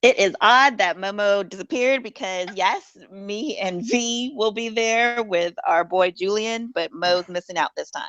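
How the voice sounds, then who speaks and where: A woman's voice: medium pitch, unhurried, few pauses, a bit bright, no room sound. Woman, podcast guest, easygoing casual chat, dull lo-fi audio.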